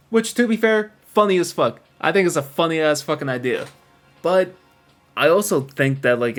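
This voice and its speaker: Casual, profane man narrating commentary. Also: medium pitch. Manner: loose, profane, filler-heavy. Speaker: commentary video host.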